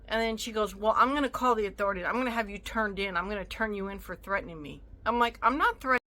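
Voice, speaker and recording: A woman's voice: medium pitch, fast talker, bright, forceful tone. A woman telling a storytime rant to her viewers, indignant and sassy, acting out both sides of an argument. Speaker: vlogger.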